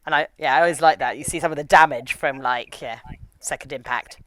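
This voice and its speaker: A woman co-hosting a casual anime review. She talks in a slangy, animated way and keeps acting out the characters. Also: deep voice, a little fast. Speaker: co-host.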